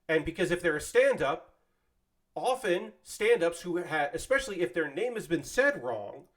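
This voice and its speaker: Rambling, cussing streamer guy, slightly high voice. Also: sing-song, moderate pace, fairly bright tone. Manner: rambling and conversational, swears casually; thanks viewers and subscribers by name. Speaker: streamer building LEGO sets live. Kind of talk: casual live-stream chat.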